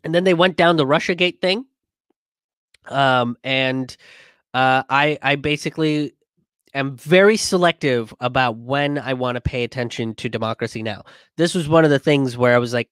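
A man's voice: medium pitch, moderate pace, smooth, dry recording. Man chatting dry and close. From immigrant. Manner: conversational, many fillers and restarts, animated when quoting others. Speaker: comedian and show host reading viewer comments. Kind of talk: casual livestream commentary.

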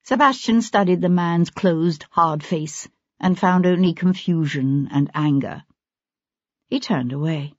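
A woman narrating an audiobook in a steady, even storytelling manner. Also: fairly low pitch, unhurried, no echo, dull audio.

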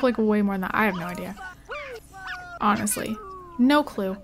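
A young woman giving casual let's play commentary as a gaming channel host, excitable and exclaiming often as she talks to her game characters. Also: mid-range voice, normal speed, pauses often, background noise.

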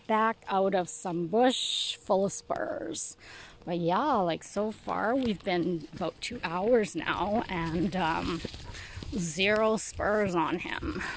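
Breathless chatty woman on a hike. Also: creaky. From Canada. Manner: rambling, self-deprecating, praising dogs in a high sing-song voice. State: out of breath from hiking. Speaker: dog walker. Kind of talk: casual vlog chat while hiking. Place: outdoors in a park.

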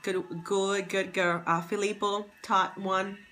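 Bright, chatty woman streaming live. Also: mid-range voice, flat delivery, slow pace. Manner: greets viewers by name, upbeat and chatty. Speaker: livestream host, fashion stylist and confidence coach. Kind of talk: casual live-stream chat. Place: at home near Boston. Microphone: phone.

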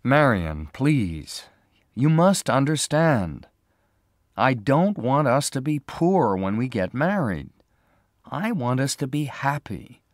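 A man's voice: medium pitch, sing-song, slow pace, dry recording, clean studio sound, pitched above the performer's own voice. A man reading a storybook, voicing an earnest young man who reassures the woman he loves.

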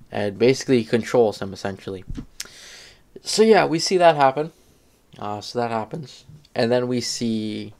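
A man's voice: lowish voice, gravelly. A man talking casually about his fan casting ideas, rambling with many fillers and self-corrections. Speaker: fan commentator.

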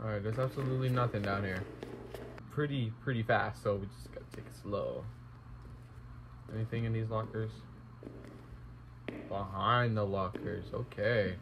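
A man's voice: lowish voice, fairly even intonation, normal speed, long pauses, noisy background. A young man commentating a horror game let's play, talking to himself and exclaiming at scares. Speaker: gaming YouTuber.

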